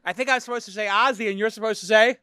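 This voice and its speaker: Bright-voiced joking talk show host. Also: male voice, high voice, steady tone, rapid-fire, smooth. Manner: joking, playful banter. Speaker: podcast host. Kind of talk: casual studio talk show. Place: studio.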